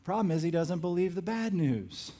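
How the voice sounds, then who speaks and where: A man's voice: high-pitched, lively intonation, moderate pace, warm tone. A man preaching a sermon as pastor, telling stories with acted-out quotes and pressing his points with emphasis.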